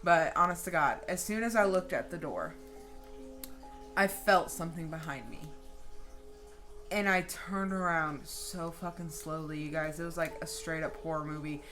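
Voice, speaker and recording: A woman in her late twenties telling a story in a casual, animated vlog style, with lots of profanity and dramatic flair. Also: deep voice, normal speed, soft background music. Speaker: vlogger.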